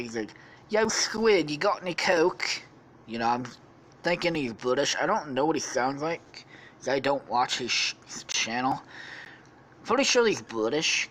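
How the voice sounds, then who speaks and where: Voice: mid-range voice, fairly bright tone, slight background noise. Giggly, foul-mouthed podcast storyteller. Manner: laughs at own jokes; heavy swearing, many fillers. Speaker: podcast host. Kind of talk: rambling comic storytelling.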